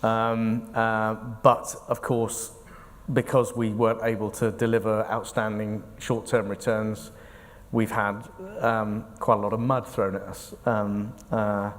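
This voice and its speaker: A man, an investment fund manager, giving earnest, explanatory answers in an onstage interview and thinking aloud as he speaks. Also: on the low side. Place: large conference hall. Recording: echoey hall reverb.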